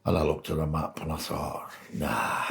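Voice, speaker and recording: A man's voice: sits low, fairly bright tone. Older Wigan man telling stories. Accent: Wigan, Lancashire. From England. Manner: anecdotal, laughs through his stories. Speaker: guest, former rugby league player. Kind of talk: casual storytelling in interview.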